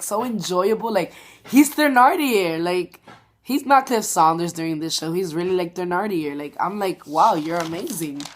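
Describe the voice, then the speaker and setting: A young woman vlogs a theater review, gushing and rambling about a stage show with plenty of "like" and "um." Her voice is mid-range and a little bright.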